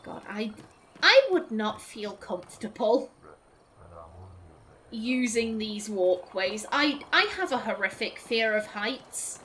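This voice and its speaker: Lady doing a let's play, slow chatty commentary, highish voice, says sorry to npcs. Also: animated, a bit bright, a little hiss or hum. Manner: chatty, polite, apologizes to game characters. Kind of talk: casual gameplay commentary.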